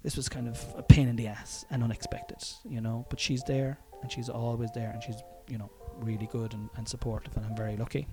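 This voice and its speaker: A man's voice: medium pitch, level tone, fairly quick, hardly any pauses, over music. An Irish man telling a personal story in a casual monologue, frank and profane, chuckling often and wandering into asides.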